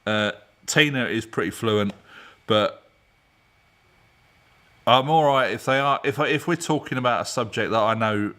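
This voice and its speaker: A man chats casually to viewers from his garage during a live stream. His voice sits at an ordinary middle pitch, and he rambles from one point to the next with frequent laughs. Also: unhurried, sharp tone. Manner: rambling, chatty, laughs often. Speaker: garage channel host. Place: home garage.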